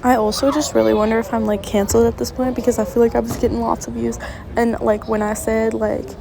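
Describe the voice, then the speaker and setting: A chatty young woman from the United States talks into her phone for a travel vlog, her voice sitting a little high. She rambles loosely and leans on filler words as she goes. A busy crowd murmurs behind her. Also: flat delivery, fast, gravelly. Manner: chatty, many filler likes. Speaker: vlogger.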